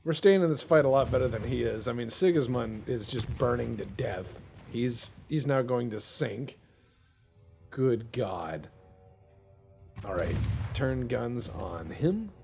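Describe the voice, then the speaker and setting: A man casually comments on the naval strategy game he's playing, in let's-play style, cracking jokes, being sarcastic, and occasionally putting on silly little voices. His medium-pitched voice is expressive, a bit slow, creaky, and darkish, with faint music in the background.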